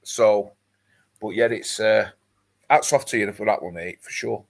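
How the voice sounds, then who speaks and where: A man's voice: fairly low pitch, a little slow, creaky. A man hosting a casual livestream, chatting with many fillers and reading out viewer comments. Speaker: livestream host. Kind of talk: casual chat.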